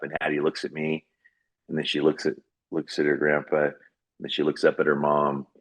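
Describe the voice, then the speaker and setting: A man's voice: extremely low pitch, no room sound, low-quality recording. A man who is a podcast guest tells an earnest personal story in conversation, rambling with frequent fillers.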